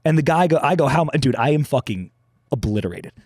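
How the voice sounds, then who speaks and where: A man's voice: medium pitch, expressive, fast talker, a little mellow, no echo, clean studio sound. A hungover man co-hosting a podcast, telling a rambling, profane story in casual banter. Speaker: podcast co-host.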